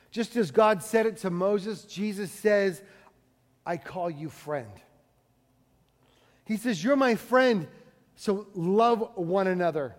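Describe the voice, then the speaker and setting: A middle-aged man preaching a sermon with passion, dropping to a hush for quoted words. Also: sits high, lively intonation, slow pace, long pauses, in a large hall. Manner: impassioned preaching, dropping to hushed tones for quotes. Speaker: pastor.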